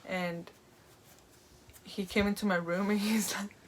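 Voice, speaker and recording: A woman's voice: mid-range voice, flat delivery, measured pace, background noise. A young woman vlogger casually telling a personal story, rambling with lots of "like" and "um". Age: young adult. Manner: rambling, full of "like" and "um".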